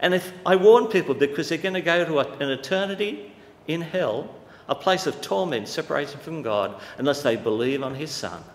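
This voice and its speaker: A man preaching a sermon with great passion, swinging from loud declarations to hushed, quiet stretches. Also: fairly high pitch, animated, brisk. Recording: echoey hall with long reverb.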